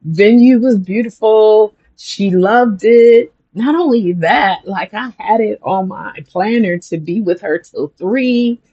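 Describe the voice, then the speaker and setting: A spiritual vlogger talks straight to the camera in a casual motivational vlog, rambling and chatty. The voice sits at a middle pitch, and the stories come out with lively energy. The sound is a little dull and lo-fi. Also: takes it slowly, few pauses, slightly rough. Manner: chatty, rambling, animated storytelling.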